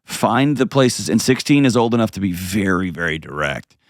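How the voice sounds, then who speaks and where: A man's voice: lowish voice, big pitch swings, moderate pace, dry recording, clean studio sound. A middle-aged man hosting a call-in advice show, talking earnestly and repeating phrases for emphasis. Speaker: call-in show host and counselor.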